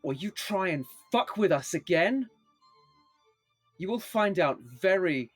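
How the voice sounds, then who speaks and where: A man's voice: high voice, lively intonation, slow pace, slightly rough, no room sound, faint music behind, pitched above the performer's own voice, full character voice. A man voicing his tabletop character, an angry warrior threatening a goblin.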